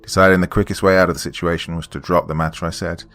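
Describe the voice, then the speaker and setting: A man narrating a first-person horror story in a measured voice that drops to a hush at tense moments. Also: deep voice, little pitch movement, faint music behind.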